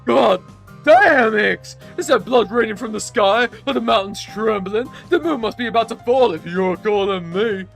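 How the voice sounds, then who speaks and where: Man playing a boisterous joking pal, high voice, brash shouty bursts, faint game music behind. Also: normal speed, creaky. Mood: teasing. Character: loud boisterous young man, teasing best friend.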